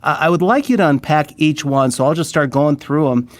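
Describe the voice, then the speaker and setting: A man's voice: fairly high pitch, fairly quick, no room sound. A man, a pastor hosting an interview, talking in an earnest, enthusiastic way and often repeating words as he gathers his thoughts. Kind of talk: casual interview conversation.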